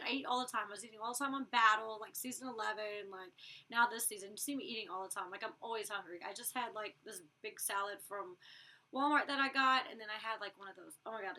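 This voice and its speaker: A woman's voice: fairly high pitch, sharp tone, recorded from a distance. A woman in her twenties recapping a reality show episode in a casual, rambling vlog, blunt and profane when she vents. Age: 20s.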